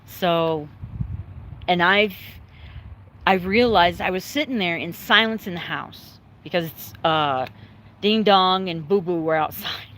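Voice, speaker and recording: A woman chatting casually to her viewers from home, rambling and candid, swearing freely, emotional yet calm. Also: fairly low pitch, slow, a little hiss or hum. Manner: emotional but calm, choked up at times. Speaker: livestreaming vlogger. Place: at home, dogs in the yard nearby.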